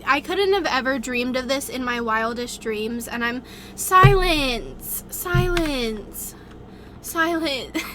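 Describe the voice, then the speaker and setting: A woman's voice: high-pitched, bright, forceful tone, a little hiss or hum. A young woman streamer thanking her viewers, crying and effusive. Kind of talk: live stream chat.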